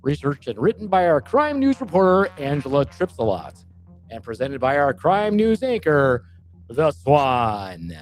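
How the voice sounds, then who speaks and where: Female co-host, extremely low and very lively pitch, crude teasing banter. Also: unhurried, faint music behind, low-quality recording. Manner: crude, swears a lot, teasing. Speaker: podcast co-host. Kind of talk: casual comedy podcast chat.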